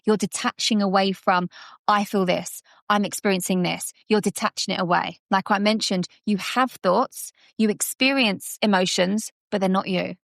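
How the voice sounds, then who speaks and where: A woman guest on a podcast, a subconscious coach who explains ideas in a lively way and acts out little scenes. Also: medium pitch, moderate pace, gravelly, dry recording, studio quality. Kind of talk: conversational coaching talk.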